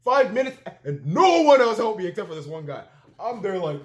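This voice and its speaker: A young man from Canada telling a story in a casual vlog, animated and full of fillers, acting out what he said at the time. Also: high voice, a little fast. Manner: animated storytelling, filler-heavy, acts out his own quotes. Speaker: vlogger.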